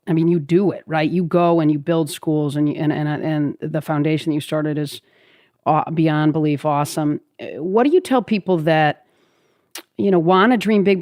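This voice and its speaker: A fairly high-pitched man's voice hosting a casual interview. He sounds upbeat and encouraging as he asks his questions. The sound is close and dry. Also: darkish tone, no room sound. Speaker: host.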